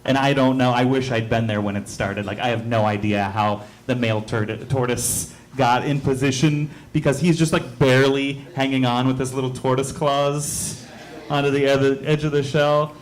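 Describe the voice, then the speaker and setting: A man performing a stand-up comedy set on a club stage into a handheld mic, telling stories deadpan and acting out the voices of the people in them. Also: medium pitch, moderate pace, a little hiss or hum. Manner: deadpan storytelling with acted-out voices.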